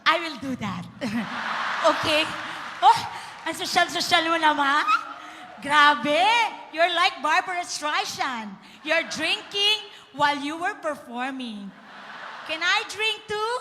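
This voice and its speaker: A woman with a Filipino accent doing comic banter on a concert stage, joking loudly and switching between English and Tagalog. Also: high-pitched, expressive, slow pace, a little hiss or hum. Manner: joking, mixes English and Tagalog, loud outbursts. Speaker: comedian and guest performer. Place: large concert hall stage. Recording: echoey concert hall with faint music.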